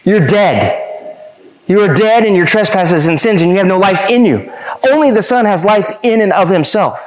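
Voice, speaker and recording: A man with a fairly high voice delivers a sermon. He drives each point home with rhetorical questions and repeated phrases, rising in pitch as he presses them. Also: low-quality recording. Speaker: pastor.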